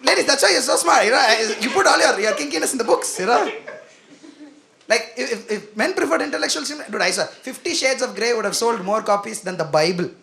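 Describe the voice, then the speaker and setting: A young man performing a stand-up comedy set, animated and self-mocking as he talks to the crowd. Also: very high-pitched, fast talker, gravelly. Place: comedy venue with live audience.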